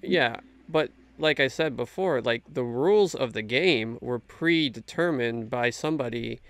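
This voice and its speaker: Speaking at a measured pace, a man with a medium-pitched, fairly bright voice shares his Christian faith in a casual discussion. He's earnest and emphatic, and he keeps starting over mid-thought.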